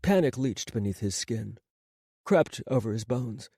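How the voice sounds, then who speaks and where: A male narrator reading an audiobook in a slow, measured, dramatic style. His voice sits in a middle register and is recorded close on a studio microphone, dry with no room echo. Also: medium pitch, animated, mellow.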